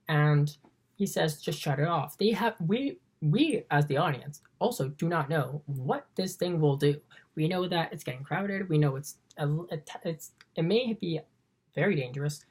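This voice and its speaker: Woman film reviewer, deep low voice, eager and rambling scene-by-scene recap. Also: normal speed, a little mellow, breathy edge.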